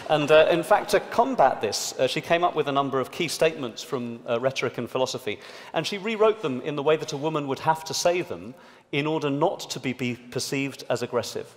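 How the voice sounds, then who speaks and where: A man giving a public talk to a live audience in a large hall, explaining an experiment in a lively way. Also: mid-range voice, a little fast. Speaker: panelist. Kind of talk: public talk at a debate event. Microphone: amplified stage microphone. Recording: long hall reverb.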